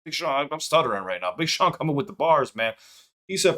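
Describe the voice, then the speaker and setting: With hip hop playing faintly in the background, this reaction-video host gets excited, swears casually, and keeps stopping to break down lyrics. He talks a little fast, with a voice on the high side.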